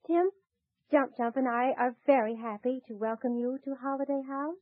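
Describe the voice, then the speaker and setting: A woman as a gentle young lady. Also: sits high, steady tone, moderate pace, dry recording, lightly acted. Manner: gentle, motherly, soft laughs. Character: kind young golden-haired lady, gentle. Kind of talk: 1940s radio acting. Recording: tinny, dry 1940s radio transcription.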